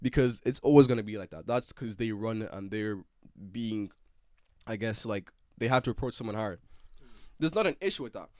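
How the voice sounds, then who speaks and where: A man's voice: on the low side, a little fast, no room sound, studio quality. A young man in his twenties with an Irish accent, hosting a podcast in a rambling, slangy way. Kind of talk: casual chat.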